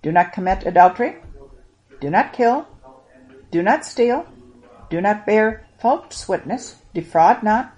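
A gentle, patient teacher , voiced by a woman narrator, who gives calm, measured instructions. He speaks kindly and evenly. He is a figure in a read-aloud Bible story. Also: mid-range voice, lightly acted.

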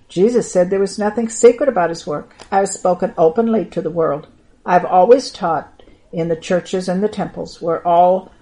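A woman reading a Bible story aloud in an expressive storytelling manner. She lifts her voice for tense moments and drops it low and soft for sad ones. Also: poor audio.

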